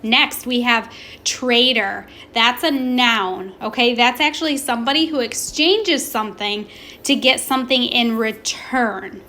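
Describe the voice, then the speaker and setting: A woman teaching a recorded class, slowly modelling pronunciation and asking questions. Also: on the high side, bright, forceful tone, slight background noise. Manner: slow, deliberate, stretches words to model pronunciation; asks questions and pauses for students. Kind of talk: recorded remote classroom lesson.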